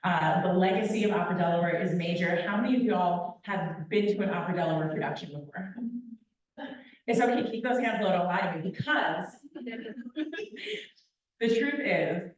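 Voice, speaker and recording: A young adult woman, an opera company vice president, giving a lively, playful talk to an audience with a handheld microphone. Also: on the low side, moderate pace, long pauses. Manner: animated, playful and direct with the crowd. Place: large echoey hall. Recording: very echoey hall, picked up from a distance.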